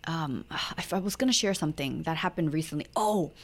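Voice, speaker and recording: A young adult woman co-hosting a podcast, chatting candidly about family life and bringing each moment to life by acting out what was said. Her voice sits fairly low for a woman. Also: expressive, fairly quick. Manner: candid, chatty storytelling with acted-out quotes. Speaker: podcast co-host. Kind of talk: casual chat.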